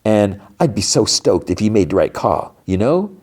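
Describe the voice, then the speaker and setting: A man's voice: lowish voice, big pitch swings, moderate pace, a little mellow, husky. A man voicing a smug young male political aide who makes mock-friendly threats in a smarmy tone.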